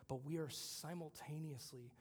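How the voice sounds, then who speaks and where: Husky-voiced male pastor preaching in a hall. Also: a little high, moderate pace. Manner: conversational, shifting from loud emphasis to hushed whispers. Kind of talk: sermon.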